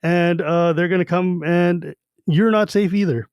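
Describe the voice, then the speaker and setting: A man co-hosting a podcast, recapping a book in casual chat and acting out the characters in quick quoted bits. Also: high-pitched, clear, resonant tone, dry recording, muffled recording. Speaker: podcast co-host.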